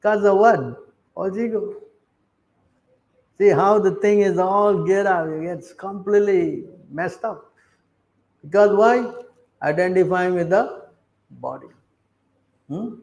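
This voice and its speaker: A man's voice: high-pitched, slow, long pauses, a little mellow, highs cut off. A man reading scripture verses and then explaining them bluntly, checking in with his listeners with "huh?" and "you understand?". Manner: peppers talk with rhetorical questions like "huh?". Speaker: scripture class teacher.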